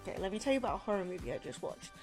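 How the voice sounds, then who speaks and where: A woman's voice: medium pitch, big pitch swings, very fast, darkish tone, soft background music. A woman streamer chatting casually and retelling a story in a rambling, playful way, full of "like" fillers.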